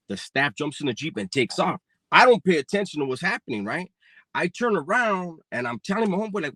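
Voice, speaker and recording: A man's voice: a little high, very animated, fast, sharp tone, slightly rough, no echo. A man in his forties telling a personal story in a casual, profane, slang-heavy way. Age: 40s.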